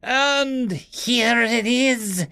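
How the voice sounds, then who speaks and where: Man doing a warbling alien kidnapper for a sci-fi story reading, higher than his own voice, smug and slow, gravelly edge. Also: lively intonation, fairly bright tone. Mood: gloating. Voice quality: warbling, high. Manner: slow, gloating, later stammering in fear. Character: gloating alien captor, male, cold and smug.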